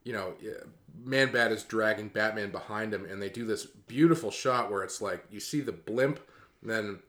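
A man co-hosting a casual chat about a cartoon, relaxed and thoughtful, often trailing off mid-sentence. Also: on the low side, normal speed. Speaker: podcast co-host.

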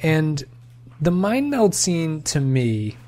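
A man's voice: a little high, very animated, slow pace, mellow. A man co-hosting a podcast, talking through a film in a thoughtful, analytical way with frequent restarts. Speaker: podcast co-host. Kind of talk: casual film discussion.

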